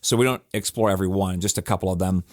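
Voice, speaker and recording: A man's voice: sits low, fairly even intonation, fast, darkish tone, no room sound, studio quality. A male pastor reflecting on his sermon in a casual, earnest podcast talk, restarting phrases to stress his points. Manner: earnest and conversational, with emphatic restarts.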